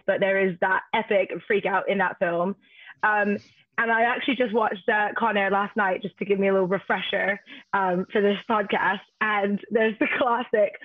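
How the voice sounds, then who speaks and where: A woman co-hosting a podcast, chatting casually and laughing often. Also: medium pitch. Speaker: podcast co-host. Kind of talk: casual chat. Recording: dull lo-fi podcast audio.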